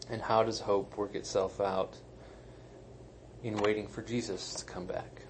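A pastor gives a sermon in a somewhat low voice. He speaks in a conversational, emphatic way and tosses in self-deprecating asides. A faint hiss sits under the recording. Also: little pitch movement, measured pace. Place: church sanctuary.

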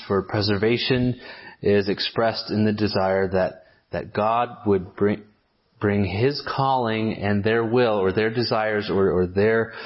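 A low-voiced man delivers a sermon, working through a text in a measured, explanatory way. He pauses on fillers and restarts his phrases as he thinks. The recording is dull and lo-fi. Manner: measured expository preaching with frequent fillers and restarts. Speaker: pastor.

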